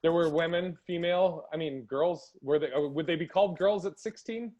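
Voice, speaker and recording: Male podcast host, higher-pitched, casual storyteller who acts out quotes. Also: normal speed, a little mellow.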